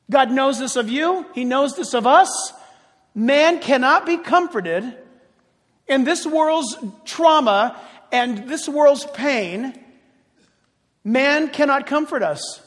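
Older male preacher, high voice, impassioned sermon, long echo of a big hall. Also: measured pace. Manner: impassioned, swinging from loud emphatic cries to quiet chatty asides. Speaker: pastor. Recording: long reverb of a large hall.

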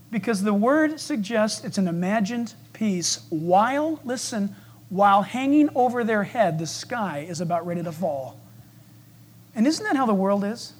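A man preaching a sermon with lively, animated delivery. He shifts from loud declarations to soft, hushed asides and acts out the voices of the people in his stories. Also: high-pitched, breathy edge.

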